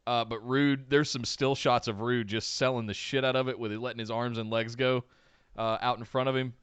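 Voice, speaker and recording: A man's voice: mid-range voice, steady tone, brisk, a bit bright, clean tone, no echo. A man co-hosting a casual wrestling podcast, recapping a show with enthusiasm and many fillers. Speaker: podcast co-host.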